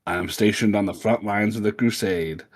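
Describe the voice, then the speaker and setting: A man putting on a soldier on the front lines penning a letter to his sweetheart, read in an earnest, steady tone with a put-on Southern drawl, the voice sitting very low and deep. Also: brisk, natural voice. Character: male soldier writing a letter home.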